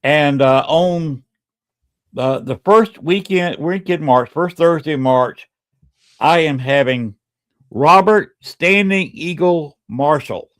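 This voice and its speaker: A man hosting a podcast in casual chat, speaking in a relaxed, hesitant way as he reads out his upcoming guest list. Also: a little high, slow. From American South. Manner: relaxed, hesitant, many uh fillers. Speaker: podcast host.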